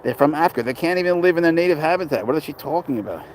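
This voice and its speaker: A man's voice: fairly high pitch, expressive, rapid-fire, slight background noise, rough recording. Blunt, swearing man chatting outdoors. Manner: rambling, blunt, swears freely. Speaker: pet owner and livestreamer. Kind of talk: casual livestream chat.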